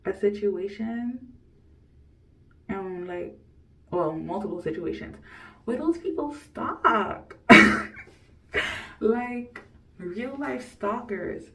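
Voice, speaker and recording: This young woman, in her early twenties, speaks expressively at a medium pitch with drawn-out words, long pauses, and a fairly bright tone. Telling candid stories to camera, she's blunt and rambling, swears freely, laughs often, and sounds a little distant from the microphone.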